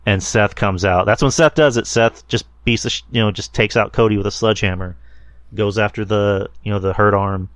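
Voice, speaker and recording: A man's voice: on the low side, steady tone, fairly quick, no echo. A man hosting a solo podcast, rambling casually with lots of fillers and the odd swear word. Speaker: podcast host reviewing wrestling.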